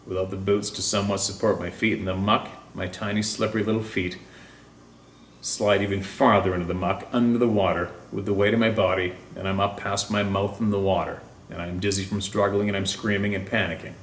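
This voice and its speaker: A man narrating a first-person encounter story in a tense, dramatic way, sometimes dropping to a hush. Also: deep voice, steady tone, fairly quick, slight background noise. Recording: roomy, distant mic with faint ambience.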